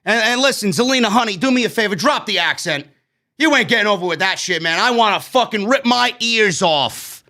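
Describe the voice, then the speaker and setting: A man with a New York accent ranting loudly and profanely while reviewing a wrestling show. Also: sits high, expressive, brisk. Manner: loud profane ranting, frequent shouting.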